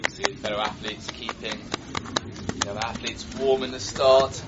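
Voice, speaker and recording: A man giving live, joking race commentary that turns into excited shouts at crashes. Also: medium pitch, moderate pace, very noisy. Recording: dull broadcast audio with crowd behind.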